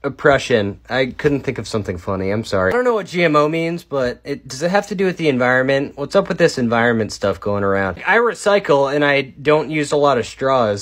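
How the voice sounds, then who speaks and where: A young man in his twenties riffs through a comic monologue at a mid-range pitch. He rambles sarcastically, shouting one moment and mumbling the next. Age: 20s. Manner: sarcastic, rambling, jumps between loud outbursts and mutters. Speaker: comedy creator. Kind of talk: casual comedic monologue.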